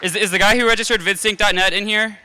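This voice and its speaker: A man emceeing an awards segment, brisk and businesslike. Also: sits high, fairly even intonation, sharp tone, clear, resonant tone, big-room sound, some chatter behind. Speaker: event organizer and emcee.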